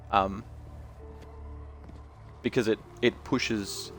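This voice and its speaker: A man chatting casually on his game stream, sweary and talkative. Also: lowish voice. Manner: chatty, sweary, talks about accents.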